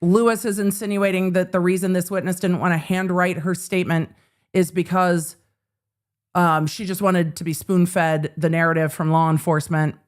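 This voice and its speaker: A woman's voice: lowish voice, little pitch movement, normal speed. Blunt sarcastic woman streaming trial commentary. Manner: blunt, sarcastic, swears freely. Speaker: legal commentator host.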